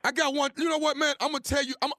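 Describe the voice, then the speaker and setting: A man on a radio morning show doing a prank call, loud and excitable, his voice a bit strained. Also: very high-pitched, racing, background noise. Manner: loud and excitable, bursts into laughter. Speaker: radio comedian and prank caller.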